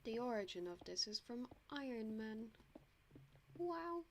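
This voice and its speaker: Slow, rambling young Dublin Irish woman. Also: on the high side, sing-song, noisy background. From Ireland. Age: young adult. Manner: rambling, lots of "like" and restarts, self-mocking. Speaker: streamer. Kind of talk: casual gameplay chat.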